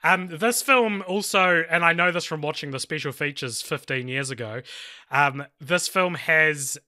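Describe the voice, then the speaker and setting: A man's voice: a little high, unhurried, no echo, clean studio sound. A man co-hosting a casual film review podcast, telling stories animatedly and acting out quoted lines. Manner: animated storyteller, acts out quoted shouts. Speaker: podcast co-host.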